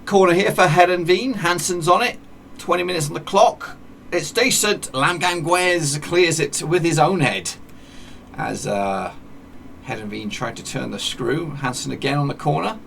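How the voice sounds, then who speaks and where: A man's voice: on the high side, moderate pace, creaky, fairly bright tone, slight background noise. A man chatting casually as he plays a football management game, narrating the matches like a commentator and often correcting himself as he talks. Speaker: gaming YouTuber.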